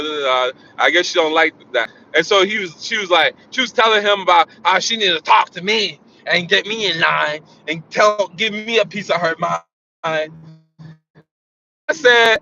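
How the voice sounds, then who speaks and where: Man, sharp bright voice, animated casual storytelling, repeats himself, muffled lo-fi sound. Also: high voice. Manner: animated, repeats phrases for emphasis. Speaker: vlogger. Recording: dull lo-fi sound.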